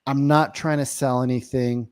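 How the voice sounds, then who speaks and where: A man's voice: mid-range voice, little pitch movement, moderate pace, clear, resonant tone, no room sound. A man giving an emphatic sales coaching talk, often checking in with the listener. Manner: emphatic, keeps checking in with "right?". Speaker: real estate sales trainer. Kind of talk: coaching monologue.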